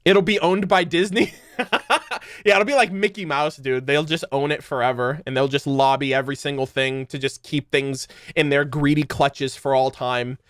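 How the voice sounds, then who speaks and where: A man's voice: mid-range voice, fairly even intonation, normal speed, fairly bright tone, no echo, clean studio sound. A young man streaming, chatting casually in a rambling, joking way, swearing loosely and laughing often. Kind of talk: casual livestream chat.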